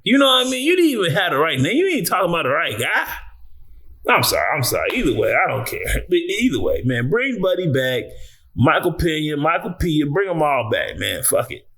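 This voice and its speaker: A man hosting an entertainment commentary vlog, talking casually in slang, swearing freely and breaking into sudden high-pitched exclamations and laughter. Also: wildly swooping pitch, brisk, fairly bright tone, husky. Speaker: entertainment news host.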